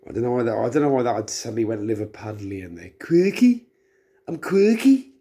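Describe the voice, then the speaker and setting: A tipsy middle-aged vlogger rambles through a casual monologue, chatty and self-deprecating. His voice is lowish, fast, mellow and slightly rough.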